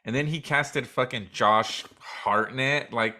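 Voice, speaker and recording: A man with a bright, forceful voice, ranting on a podcast. He swears constantly and talks with heated, deadpan comic anger. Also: medium pitch, slow pace. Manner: heated, profane, deadpan rant. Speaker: podcast co-host. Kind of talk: casual chat, profane comedic rant.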